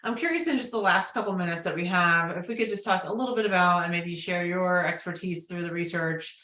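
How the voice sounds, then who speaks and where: A woman hosts a conversational podcast in a soft-spoken, fairly low voice. She fills her sentences with "you know" and "like", and her voice carries a roomy echo. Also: a little fast. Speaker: podcast host and women's coach. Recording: echoey room.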